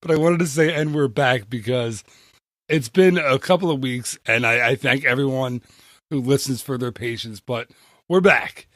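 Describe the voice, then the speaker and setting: A man co-hosting a podcast in casual chat, excitable, laughing often and reeling off numbers. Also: mid-range voice, moderate pace, no room sound, clean studio sound. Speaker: podcast co-host.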